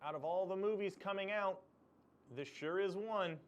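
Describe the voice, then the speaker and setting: A man putting on a quick-quipping jokester. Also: sits high, clean tone, pitched above the performer's own voice, close to an everyday voice. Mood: joking.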